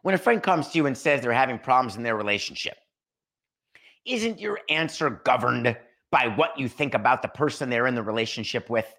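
A middle-aged man hosting a solo sports podcast, talking fast and animated, acting out imagined conversations. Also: medium pitch, gravelly. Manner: animated, acts out imagined dialogues. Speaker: podcast host. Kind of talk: solo sports talk monologue.

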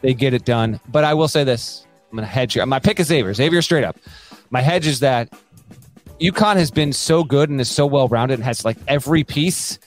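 A man co-hosting a casual sports podcast, talking in animated bursts with quick asides and laughter. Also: on the high side. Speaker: podcast co-host.

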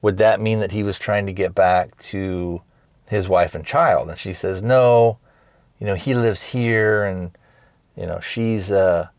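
A man with a fairly low voice talks through a recap in a loose, rambling way, restarting his sentences and jumping into quoted lines. The sound is dry and close, with no room around him. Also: steady tone, a little slow, a little mellow, dry recording. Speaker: podcast host reviewing a film. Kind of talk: casual recap.

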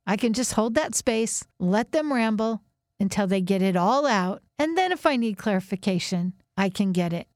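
A woman's voice: dry recording, studio quality. A middle-aged woman coach hosting her own show, talking in a reflective solo monologue, earnest and thoughtful. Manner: earnest, thoughtful, rises in pitch when quoting others. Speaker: coach and podcast host.

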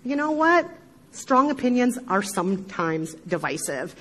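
A middle-aged woman with a Midwestern accent, giving an animated talk to a live audience, with emphatic asides and frequent laughter. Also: a little high, measured pace, rough recording. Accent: Midwestern American. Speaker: podcast speaker giving a talk.

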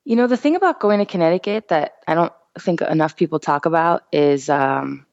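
Low-voiced woman, emphatic and casual. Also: animated, brisk, darkish tone, dry recording, lo-fi sound. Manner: emphatic, many "I mean" and "you know" fillers. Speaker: guest, basketball player and commentator. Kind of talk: casual podcast chat.

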